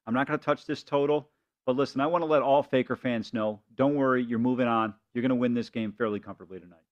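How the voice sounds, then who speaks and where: A man co-hosting a casual sports betting chat, talking fast and animated with many stammered restarts. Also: mid-range voice, highs cut off.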